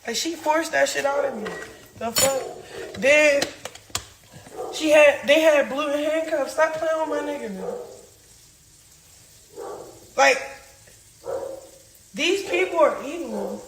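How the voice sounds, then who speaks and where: A young woman telling a heated, profane story fast and animatedly, acting out what others said. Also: high-pitched, slight background noise. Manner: profane, rapid, animated, acts out quotes. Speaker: reality star telling her side. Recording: echoey room.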